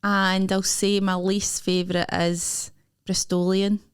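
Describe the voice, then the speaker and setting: A woman's voice: medium pitch, flat delivery, unhurried, clean tone. Chatty Scottish woman co-host. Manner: chatty, asks questions. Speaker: podcast co-host, comedian. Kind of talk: casual chat.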